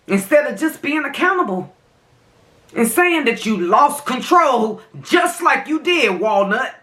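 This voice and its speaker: Sitting high and sing-song, this young adult woman's slightly bright voice moves at a measured pace. During her mukbang vlog she talks right to her viewers, emotional, heated, and impassioned.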